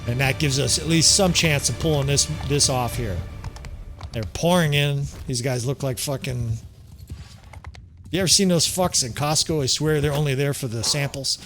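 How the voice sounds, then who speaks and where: A man's voice: medium pitch, moderate pace, fairly bright tone, faint music behind. A man giving casual strategy game commentary, joking and swearing as he plays, chuckling often. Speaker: gameplay commentator.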